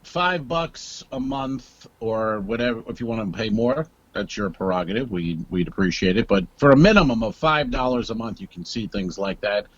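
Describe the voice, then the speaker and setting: A man's voice: lowish voice, expressive, moderate pace, hardly any pauses, dry recording, lo-fi sound. A man co-hosting a comedy podcast, teasing and sarcastic, chatting casually over a remote call. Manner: teasing, sarcastic, laughs often. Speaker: podcast co-host.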